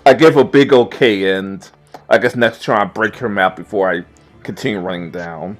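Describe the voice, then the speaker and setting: A man's voice: on the low side, normal speed, soft background music. A man playing a tabletop game, talking in a casual, hesitant and stammering way. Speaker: player.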